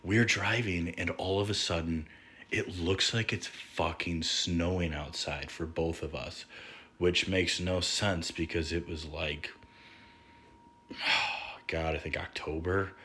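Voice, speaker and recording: Young male storyteller, low bright voice, rambling and profane, casual. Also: steady tone, slow pace, a little hiss or hum. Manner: rambling, profane, lots of fillers.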